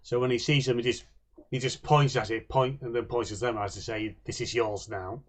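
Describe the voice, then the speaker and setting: A man's voice: mid-range voice, steady tone, fairly quick. A man playing a tabletop game, describing what his character does. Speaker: player.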